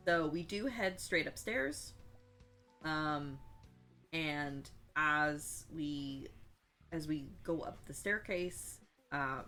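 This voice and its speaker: A woman with a deep, slightly bright voice casually recaps a tabletop role-playing session. She's a player going over the game, rambling along with plenty of fillers and asides.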